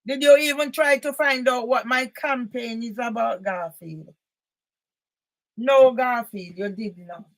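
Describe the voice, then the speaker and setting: A woman, an author and campaigner, delivering an angry, confrontational monologue aimed at one person, breaking into loud emphatic bursts. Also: on the high side, unhurried.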